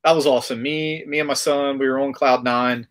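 A man's voice: medium pitch, brisk. A man hosting a hobby podcast, casually retelling a trip story with lots of fillers. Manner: rambling, animated retelling with filler words. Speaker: podcast host.

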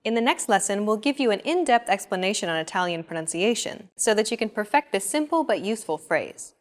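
A woman's voice: mid-range voice, animated. Woman hosting a scripted language lesson. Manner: clear, measured explaining.

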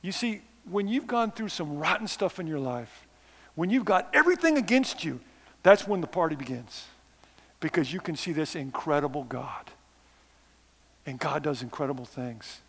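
A man's voice: on the high side, expressive, moderate pace, fairly bright tone, husky, long reverb tail. A man preaching a missions sermon, conversational and self-deprecating, with sarcastic asides. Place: church sanctuary.

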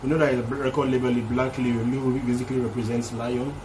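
A man's voice: medium pitch, flat delivery, quick pace, background noise. Chatty man breaking down rap lyrics. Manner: explains lyrics line by line, loose and chatty. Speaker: reaction video host. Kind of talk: casual music reaction commentary.

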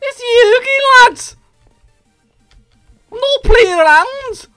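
A man putting on a loud, boastful Liverpool football figure with a put-on Scouse accent, high and brash. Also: animated, slow, soft background music, full character voice.

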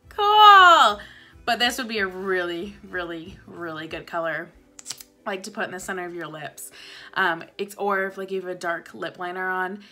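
Young woman, bubbly haul chat, bright tense tone, faint music behind. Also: on the low side. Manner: bubbly, chatty, repeats words for emphasis. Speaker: beauty vlogger.

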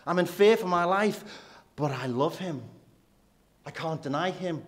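A man's voice: on the high side, a little slow, close to an everyday voice. A man, voicing an earnest male believer who has fled and tells his story with small stumbles during a sermon. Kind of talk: sermon role-play.

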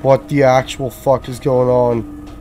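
A man giving casual, excitable gaming commentary, swearing and frantically repeating himself as the action heats up. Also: medium pitch, unhurried. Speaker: gameplay commentator.

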